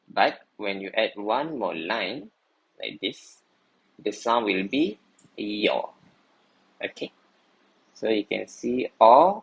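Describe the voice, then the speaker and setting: Slow, husky male teacher. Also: fairly low pitch, a bit bright, poor audio. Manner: patient, repeats "okay" often, slow explanatory. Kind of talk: language lesson explaining writing.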